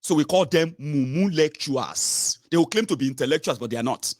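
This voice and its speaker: A man's voice: fairly high pitch, expressive, a little fast, darkish tone, no room sound, clean studio sound. A man with a Nigerian accent, a political commentator ranting with scorn and repeated mocking labels. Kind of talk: opinion vlog rant.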